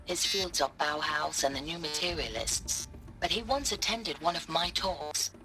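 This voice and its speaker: An actress playing an earnest art historian. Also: female voice, low-pitched, moderate pace, over music, close to an everyday voice. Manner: earnest, questioning, solemn. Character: earnest female art historian, troubled and idealistic. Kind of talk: game audio log.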